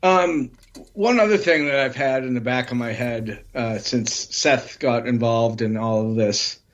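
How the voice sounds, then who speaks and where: A man's voice: mid-range voice, measured pace, a bit bright. A man co-hosting a casual wrestling podcast, rambling and restarting his sentences, swearing freely. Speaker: podcast co-host. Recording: dull lo-fi audio.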